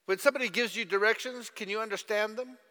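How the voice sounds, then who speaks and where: Casting: bright, sharp-voiced male pastor, storytelling sermon, echoey church hall. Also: sits high, fast. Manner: storytelling, asks audience questions.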